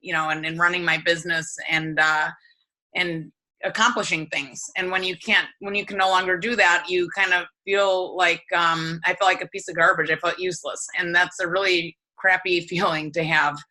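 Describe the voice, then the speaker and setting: A woman speaks over a video call, hosting a support group and telling her own story in an earnest, halting way. Her voice is strikingly bright and sits a little low for a woman. She keeps stopping, restarting and reaching for words. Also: fairly even intonation, rough recording. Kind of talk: emotional personal sharing on a group call.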